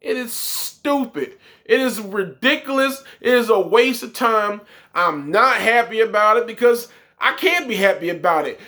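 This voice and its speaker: High-voiced man ranting, profane and fed up. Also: lively intonation, unhurried, sharp tone. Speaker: wrestling show reviewer. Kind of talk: ranting vlog commentary.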